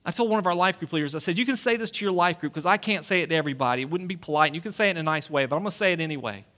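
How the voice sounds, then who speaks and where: A man's voice: a little high, racing, sharp tone. A man in his forties preaching a sermon in a church, earnest and pleading, often asking the listeners questions. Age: 40s. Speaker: pastor. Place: church sanctuary.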